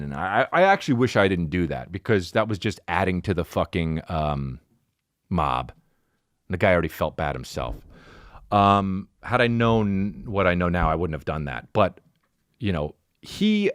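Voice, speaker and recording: A man's voice: low-pitched, no room sound, clean studio sound. A man hosting a podcast, ranting casually in a profane, rambling way, full of restarts as he tells a story. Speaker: podcast host. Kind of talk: casual comedic rant. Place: podcast studio.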